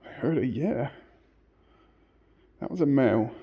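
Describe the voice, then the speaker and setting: A man investigating alone in an old church, speaking in an earnest, hushed voice and calling out questions to the spirits. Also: mid-range voice, lively intonation, a little slow, breathy edge. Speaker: paranormal investigator. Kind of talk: solo ghost-hunting vlog. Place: inside an old church at night.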